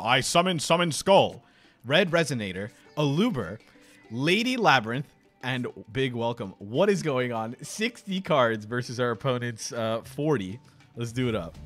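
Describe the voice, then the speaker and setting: A man casually commentating card game replays, excitable and quick to burst into laughter. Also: medium pitch. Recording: faint background music.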